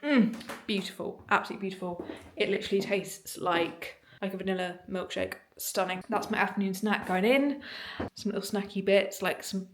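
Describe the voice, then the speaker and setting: A woman's voice: mid-range voice, steady tone, normal speed, noisy background. Upbeat woman vlogging to camera. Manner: chatty, upbeat, talks to camera. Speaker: fitness coach. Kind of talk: casual vlog chat. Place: gym and home, indoors.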